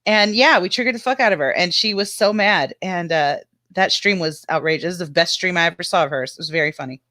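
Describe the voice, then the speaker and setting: Brief: woman, stream co-host, punchy bright tone, laughs through her stories, curses loosely, dry close sound. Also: lowish voice, fast, no echo. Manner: laughs often while telling stories, swears freely. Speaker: panel co-host. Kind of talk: casual live-stream chat.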